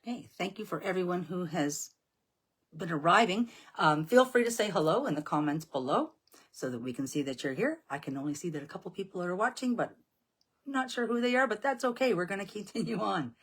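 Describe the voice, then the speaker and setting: Low, husky-voiced woman leading devotions. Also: lively intonation, brisk. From Nova Scotia, Canada. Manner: solemn recitation of hymns and prayers; casual, chatty when greeting viewers. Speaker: devotional leader. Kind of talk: live-streamed devotional prayer.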